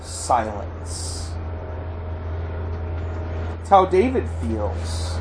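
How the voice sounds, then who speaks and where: Slow-speaking male pastor preaching. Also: medium pitch, lively intonation, background noise. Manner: earnest preaching, cries out quoted pleas loudly. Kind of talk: sermon.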